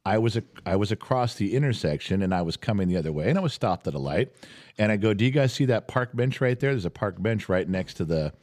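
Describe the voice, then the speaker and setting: Low-voiced man telling stories animatedly. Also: quick pace. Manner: animated, exasperated storytelling. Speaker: podcast host. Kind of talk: casual storytelling chat. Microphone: studio podcast mic.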